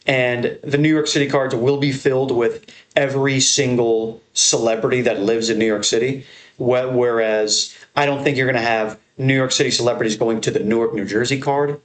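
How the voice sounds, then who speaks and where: Excitable young man talking fight crowds. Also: mid-range voice, moderate pace. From American Northeast. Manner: excitable, profane, rambling. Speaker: MMA content creator. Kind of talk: casual tier-list commentary.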